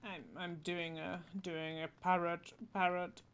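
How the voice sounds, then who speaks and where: A woman's voice: on the low side, little pitch movement, unhurried, a little hiss or hum. A woman streaming a game, muttering and swearing casually at what is happening on screen. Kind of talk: casual gameplay commentary.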